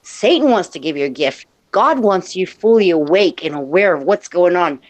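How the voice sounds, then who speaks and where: A woman's voice: fairly low pitch, expressive, moderate pace, no echo, rough recording. A woman chatting casually on a live stream, talkative and self-deprecating, often getting tangled in what she is saying. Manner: chatty, self-deprecating, tumbling over her words.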